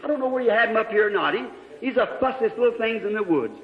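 A man with a strikingly high voice preaches to a gathering, telling a story and breaking from quiet asides into shouts. The sound is dull and old, carried by the long echo of a large hall. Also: expressive, fast talker. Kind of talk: sermon. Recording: echoey hall, muffled old recording.

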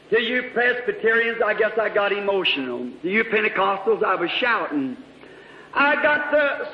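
A man preaching a sermon, telling stories fervently and swinging from hushed to shouting. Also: extremely high pitch, a little hiss or hum. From Indiana. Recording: echoey hall, dull lo-fi old tape.

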